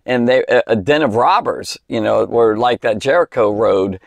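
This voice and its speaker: A man's voice: mid-range voice, normal speed, vocal fry, no echo. A man giving an informal, folksy Bible teaching for children, rambling and breaking into emphatic exclamations.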